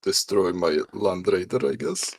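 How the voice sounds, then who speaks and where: A man's voice: low voice, animated, unhurried, vocal fry, slight background noise. A man losing a tabletop wargame, talking hesitantly and sounding resigned. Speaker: opponent player. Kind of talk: casual game chat.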